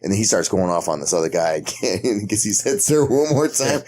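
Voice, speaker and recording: A man co-hosting a podcast in casual chat, telling animated stories and acting out quotes. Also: lowish voice, brisk, a little hiss or hum. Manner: animated storyteller, acts out quotes. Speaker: podcast co-host.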